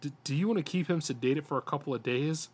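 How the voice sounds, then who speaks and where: A man voicing a friendly, easygoing hospital orderly in a relaxed, reassuring tone. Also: on the high side, quick pace, breathy edge.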